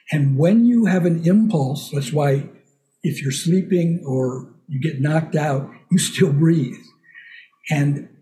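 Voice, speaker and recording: Older man, voice coach, podcast chat, mellow, slightly high voice, patient explaining. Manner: explains patiently with spoken examples. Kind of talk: casual podcast conversation.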